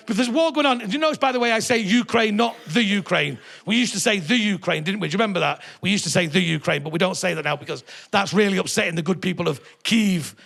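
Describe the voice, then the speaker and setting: A man's voice: sits high, vocal fry, a bit bright. A middle-aged man with a northern English accent doing a live stand-up set, rambling and sardonic with plenty of swearing. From northern England. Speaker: stand-up comedian.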